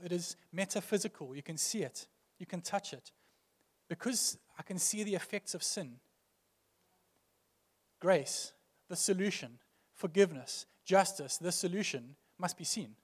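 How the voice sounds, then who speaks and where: A man's voice: high voice, moderate pace, long reverb tail. A male pastor preaching a sermon earnestly, building emphasis through repeated phrases.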